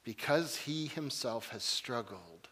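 A male pastor preaching a sermon, swinging between loud rhetorical questions and hushed, intimate passages, often repeating his words for emphasis. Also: mid-range voice, lively intonation, slow pace, breathy edge, in a large hall.

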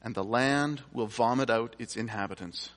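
A man's voice: mid-range voice, normal speed, a bit bright. A man preaching a sermon, reading scripture aloud and explaining it in a conversational way with casual asides. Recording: long reverb from a large hall.

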